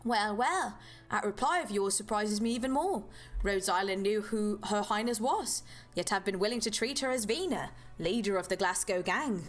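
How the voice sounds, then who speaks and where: A woman's voice: medium pitch, moderate pace, faint music behind, close to an everyday voice. A woman voicing a poised, wry noblewoman.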